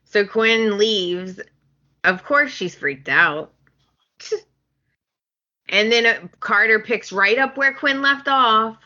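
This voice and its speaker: Slow-talking woman podcast co-host. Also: on the high side, sharp tone, highs cut off. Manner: slow, laughing, acts out the characters' lines. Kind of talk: casual chat recapping a soap opera.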